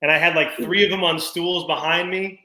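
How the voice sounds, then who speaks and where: A middle-aged man co-hosting a casual dad podcast, telling animated stories about his kids and laughing often. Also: a little high, moderate pace, reverberant, low-quality recording. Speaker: podcast co-host. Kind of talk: casual chat.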